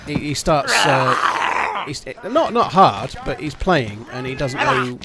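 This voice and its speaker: A man's voice: medium pitch, sing-song, takes it slowly, a loud crowd. A man chatting casually on a live game stream at home, swearing freely and thanking his supporters. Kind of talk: casual live-stream chat while gaming.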